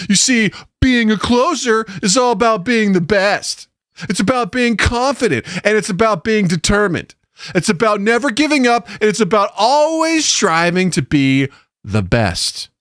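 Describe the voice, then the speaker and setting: A man's voice: high-pitched, fairly bright tone, dry recording, studio quality, full character voice. A man voicing a smug, condescending salesman who talks sweetly to a child, in swooping sing-song baby talk.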